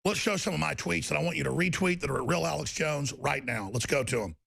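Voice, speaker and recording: Man, angry ranting talk show host, super gravelly, kinda high-pitched. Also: fast talker, a bit bright, no echo, clean studio sound. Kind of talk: political talk show rant.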